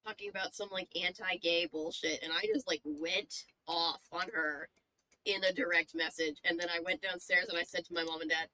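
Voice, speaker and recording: A woman's voice: fairly low pitch, fairly even intonation, moderate pace, sharp tone, low-quality recording. A young woman reading a spooky book aloud and chatting casually with viewers. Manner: chatty, reacts to chat, swears casually.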